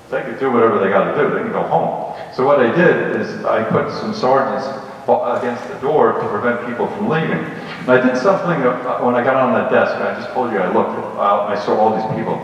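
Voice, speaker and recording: A man from the Bronx with a New York accent, a police officer telling students his story in a blunt, animated way. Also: mid-range voice. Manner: blunt, animated retelling with acted quotes. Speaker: retired police lieutenant speaking to students. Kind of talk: storytelling talk. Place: large school hall. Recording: echoey hall, from far off, dull.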